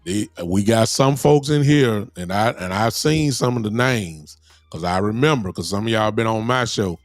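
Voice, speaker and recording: A man's voice: on the low side, normal speed, dry recording, faint music behind. A man co-hosting casual sports talk who makes his points in an insistent, preachy, slangy way. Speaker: sports podcast co-host.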